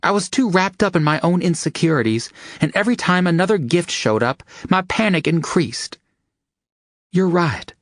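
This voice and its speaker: A man voicing an emotional young woman who pleads softly in a raised voice, in an audiobook. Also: fairly low pitch, huge pitch swings, unhurried, breathy edge, no echo, studio quality, heavily acted. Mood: remorseful.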